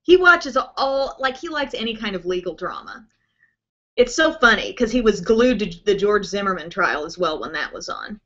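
A woman's voice: medium pitch, expressive, normal speed, a bit bright, lo-fi sound. A woman beauty vlogger hosting a live broadcast, chatting casually in answer to viewer questions and rambling with lots of "um" and "like". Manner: chatty, rambling, with many fillers like "um" and "like".

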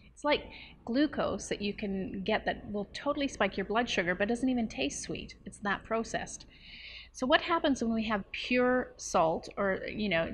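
A woman's voice: mid-range voice, fairly bright tone. A woman who talks to camera in a chatty, explanatory way, with playful asides and a ready laugh, as a nutrition coach. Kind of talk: casual talk to camera.

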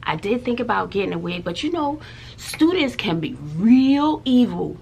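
A woman, a teacher and mother chatting in a vlog, animated and dramatic, with hushed asides. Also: fairly high pitch, normal speed, creaky, husky. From Texas. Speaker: schoolteacher and mother. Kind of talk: casual chatty vlog storytelling.

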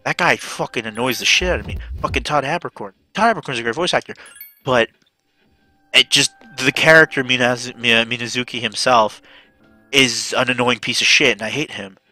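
A man's voice: mid-range voice, moderate pace, bright, forceful tone, faint music behind. A man streaming a video game, chatting casually, ranting and swearing a lot. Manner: profane ranting, swearing often. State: panicked.

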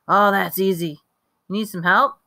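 A woman's voice: medium pitch, steady tone, normal speed, pushed and bright. A woman voicing an eager, chatty country boy of about ten with a drawl. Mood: cheerful. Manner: eager, rambling, drawling folksy talk. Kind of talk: audiobook reading.

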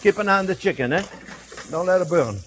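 A man's voice: sits high, lively intonation, quick pace, a little hiss or hum. A male chef hosting a cooking demonstration in a kitchen, talking in a chatty, jokey way and calling the viewers his friends. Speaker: cooking show host, chef. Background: faint sizzling pan.

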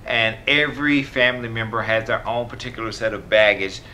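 A man co-hosting a movie review, speaking in a measured, articulate way with a dry wit. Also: fairly low pitch, steady tone, bright, forceful tone, slight background noise. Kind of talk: casual review chat.

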